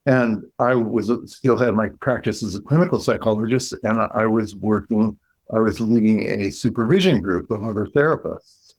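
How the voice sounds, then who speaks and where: A man, a clinical psychologist, telling a story as a guest in an interview, measured and reflective, pausing and restarting as he thinks. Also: lowish voice, low-quality recording.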